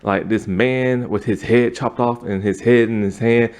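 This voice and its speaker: A man's voice: medium pitch, steady tone, a little slow, darkish tone. A man giving a casual, rambling spoken review of a TV episode, retelling the plot with many fillers.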